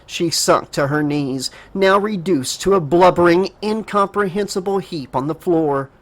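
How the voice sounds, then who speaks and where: A man narrating a horror audiobook dramatically, raising his pitch for a frightened girl's lines. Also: measured pace. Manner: emotive reading, voices the girl in a higher pitch.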